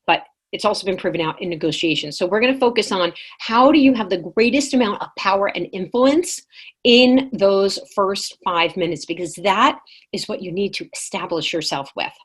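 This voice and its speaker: A woman presenting a live online workshop, lively and engaging, reading chat replies aloud to her audience. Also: mid-range voice, normal speed, husky.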